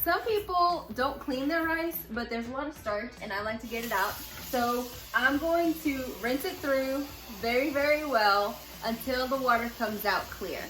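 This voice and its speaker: A woman's voice: high-pitched, expressive, measured pace, hardly any pauses, fairly bright tone. A middle-aged woman, a mother, chatting her way through a home cooking demonstration and plainly explaining each step. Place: home kitchen. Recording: echoey room with background music.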